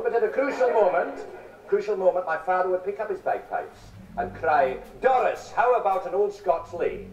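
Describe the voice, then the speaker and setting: Wry man in his forties, joking on stage. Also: high-pitched. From England. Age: 40s. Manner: wry, punning, with quick asides to the audience. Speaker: stand-up comedian. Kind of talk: music hall comic patter to a live audience. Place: large theatre. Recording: roomy, distant, dull 1970s theatre broadcast with audience laughter. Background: audience laughter.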